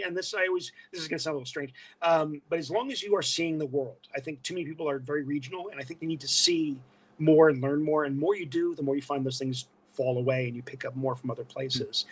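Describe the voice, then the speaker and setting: A man with a New York accent, originally from Brooklyn, guesting on a podcast and telling animated stories that slip into voices. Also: on the high side, quick pace, breathy edge. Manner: animated storyteller slipping into voices. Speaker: guest, illustrator and voice performer. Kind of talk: casual podcast interview.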